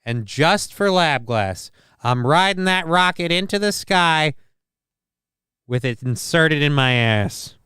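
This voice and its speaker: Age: unknown. Sex: man. Role: show host. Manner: profane, rambling, crisp voice. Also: on the high side, lively intonation, takes it slowly, bright, forceful tone, no echo, clean studio sound. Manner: profane, rambling riffs on news items. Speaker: live-stream show host. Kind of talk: casual live-stream commentary.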